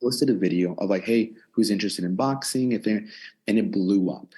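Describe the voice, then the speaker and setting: The speaker is a young man in his twenties, a personal trainer who runs a gym out of a converted storage unit, where this casual interview takes place. Speaking at normal speed in a low, husky voice, he tells his story animatedly, quoting himself and others.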